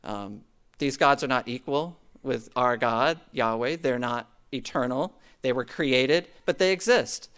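A man's voice: medium pitch, a little slow, a bit bright, clean tone. Man preaching a conversational sermon. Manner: conversational, frequent "okay?" check-ins, asides to the congregation. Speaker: pastor. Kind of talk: sermon teaching from scripture.

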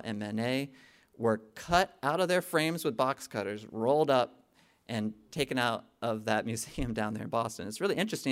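A middle-aged man preaching a sermon in a conversational way. He keeps checking in with the congregation and builds to emphatic peaks. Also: mid-range voice. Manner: frequent "okay?" check-ins with the congregation. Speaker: pastor.

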